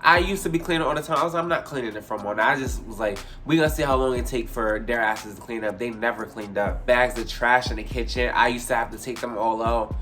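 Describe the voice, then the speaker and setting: A young man casually telling a story, profane and animated, jumping high in pitch when he acts out scenes. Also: quick pace, hardly any pauses, faint music behind. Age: young adult. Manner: animated, profane, retells with big pitch jumps.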